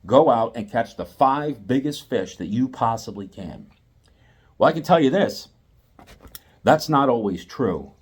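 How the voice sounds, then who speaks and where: Animated middle-aged man telling a story. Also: medium pitch, unhurried, husky. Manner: animated, acts out quotes, repeats himself. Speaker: fishing channel host. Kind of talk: storytelling monologue.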